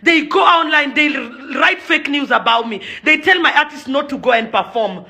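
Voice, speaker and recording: A young Kenyan woman known as a celebrity and events promoter speaks at normal speed in a high, creaky, sharp voice. Facing the camera, she delivers a furious, impassioned rant that shifts between accusing and pleading, with Swahili phrases woven into her English.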